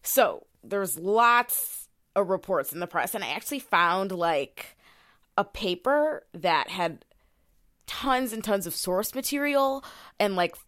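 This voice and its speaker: A woman's voice: medium pitch, lively intonation, takes it slowly, fairly bright tone, dry recording, clean studio sound. A young woman co-hosting a podcast, telling a story in a casual, swearing, filler-heavy way and reading quotes aloud. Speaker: podcast co-host.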